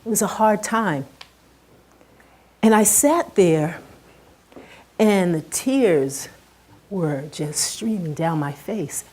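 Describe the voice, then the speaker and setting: A woman's voice: fairly low pitch, lively intonation, slow pace, pauses often, darkish tone, slightly rough. A middle-aged woman giving a heartfelt personal talk on stage to a live audience, her voice rising and dropping with emotion. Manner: earnest and heartfelt, rises and drops sharply with emotion.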